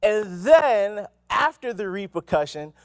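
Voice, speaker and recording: A male pastor giving an animated, conversational sermon, full of asides and questions to the congregation. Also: high voice, slow pace, no room sound, studio quality. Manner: animated, conversational preaching with asides and acted quotes. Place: church.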